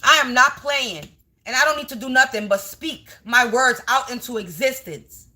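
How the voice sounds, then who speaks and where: High, bright-voiced woman giving emphatic warnings. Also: moderate pace. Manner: emphatic, repetitive warnings with frequent swearing. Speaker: tarot and energy reader. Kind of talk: spiritual reading vlog to camera.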